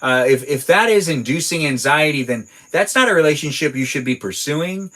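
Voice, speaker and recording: A man reads his viewers' chat out loud during a laid-back garage livestream, responding in a playful, meandering way. He speaks at normal speed in a fairly high, lively, bright voice with a forceful edge, captured on poor audio.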